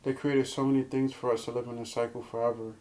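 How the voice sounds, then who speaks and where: Earnest, halting young man. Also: medium pitch, level tone, mellow. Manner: earnest, halting, repeats words. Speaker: guest. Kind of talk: casual chat.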